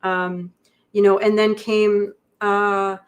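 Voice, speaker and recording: Woman guest, halting and reflective, flat delivery, mid pitch. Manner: halting, reflective, many pauses. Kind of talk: livestream conversation. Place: indoor studio.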